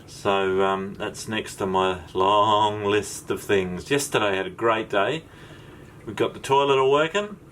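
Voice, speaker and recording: A man's voice: lowish voice, a bit bright, slight background noise. A man hosting a sailing vlog, chatting casually and rambling with lots of ums while recording on his boat. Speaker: vlog host. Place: on a sailboat.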